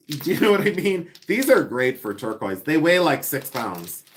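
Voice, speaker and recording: A man's voice: a little high, sing-song, a little slow, fairly bright tone, slight background noise. A man hosting a casual live stream while unboxing items, chatty and giggly, reading viewer comments aloud and repeating words for fun. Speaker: live-stream seller and host.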